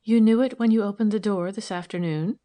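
A woman reading an audiobook, voicing a calm young woman detective who speaks quietly and directly. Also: mid-range voice, fairly quick, pitched above the performer's own voice, close to an everyday voice. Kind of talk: audiobook character voice.

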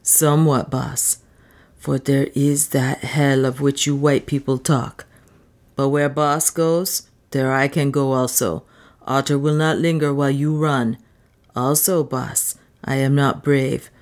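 A woman's voice: very deep voice, fairly even intonation, slow, darkish tone, exaggerated voice. A woman voicing Otter, a fierce, proud dwarf guide who speaks solemnly and formally. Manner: solemn, vengeful, formal old-fashioned speech.

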